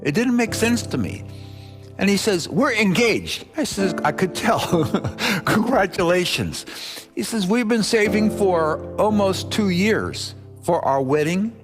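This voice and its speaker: A man's voice: high voice, lively intonation, a little slow. A man preaching, telling a story and acting out the dialogue as he goes. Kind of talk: sermon storytelling. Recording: music playing underneath.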